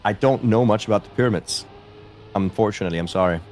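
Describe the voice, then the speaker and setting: Streamer, 30s, male, slight Danish accent, lower voice, chatty and self-deprecating. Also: quick pace, darkish tone, a little hiss or hum. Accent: light Danish. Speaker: streamer co-hosting a game stream. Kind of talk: casual chat, reading chat.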